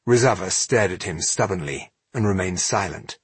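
A man narrating a fantasy audiobook with a steady, measured reading. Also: deep voice, slightly rough, no echo.

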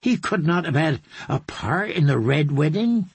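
A woman's voice: deep voice, very animated, a little slow, a little mellow, breathy edge, no echo, full character voice. A man voicing an earnest young woman knight who pleads and stammers her oaths. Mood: pleading.

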